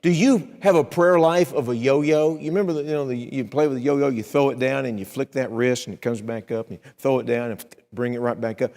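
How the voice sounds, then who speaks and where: Dramatic preacher in a reverberant church. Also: male voice, medium pitch, a little fast, a little mellow. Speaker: evangelist. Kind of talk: sermon. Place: church sanctuary. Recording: long hall reverb in a church.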